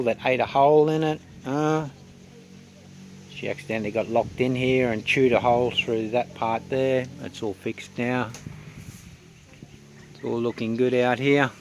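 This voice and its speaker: A man with an Australian accent chatting casually outdoors, relaxed and rambling with frequent ums. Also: mid-range voice, unhurried, slight background noise. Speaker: vlogger. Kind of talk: casual outdoor vlog chat. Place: outdoors under a tree.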